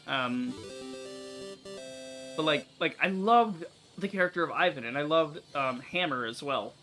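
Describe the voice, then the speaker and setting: A man's voice: fairly high pitch, lively intonation, a little slow, pushed and bright, faint music behind. A young man giving casual, rambling commentary over a game he is playing, talking on with many fillers and restarts. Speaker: gaming YouTuber.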